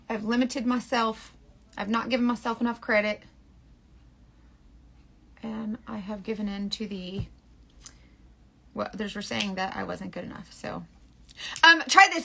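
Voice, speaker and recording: Bright, chatty woman in her forties. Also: a little high. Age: 40s. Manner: chatty, rambling, candid. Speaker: beauty livestream host. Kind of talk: casual live makeup chat.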